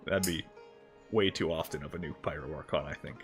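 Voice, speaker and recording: A man with a low, deep voice chats casually through a game livestream. He jokes around and swears offhandedly as he plays. Faint music plays behind him. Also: a little fast. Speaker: VTuber game streamer. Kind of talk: casual gameplay livestream commentary.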